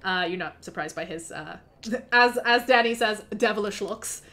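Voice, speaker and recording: A woman's voice: mid-range voice, normal speed, sharp tone. A woman narrating as game master of a tabletop fantasy game, chatty and given to laughing asides.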